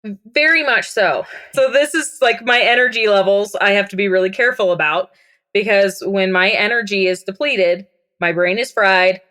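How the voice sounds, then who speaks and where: Bright-voiced woman telling her story. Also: mid-range voice, moderate pace. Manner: acts out quoted lines in a raised voice. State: recovering from memory loss and daily headaches. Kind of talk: casual storytelling.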